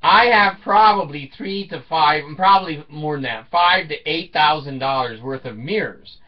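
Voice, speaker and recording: This storyteller, a man in his seventies, wanders through funny tales with frequent chuckles and easy swearing. He talks at a normal speed in a voice on the high side. Captured far from the microphone, the audio is dull and lo-fi.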